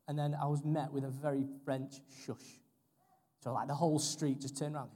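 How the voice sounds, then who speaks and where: A man's voice: fairly high pitch, level tone, brisk, darkish tone. A young man preaching a sermon in a church, earnest and repeating phrases for emphasis. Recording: long hall reverb.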